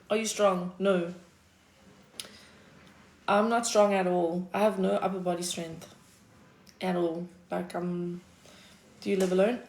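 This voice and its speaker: A South African woman chatting casually on a livestream, answering her chat with a laid-back manner, frequent laughs and casual swearing. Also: medium pitch.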